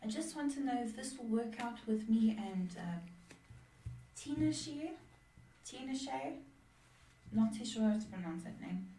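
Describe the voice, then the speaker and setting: A woman's voice: fairly high pitch, fairly even intonation, brisk, warm tone, far from the mic. Echoey, off-mic woman reading questions. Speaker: co-host reading viewer questions.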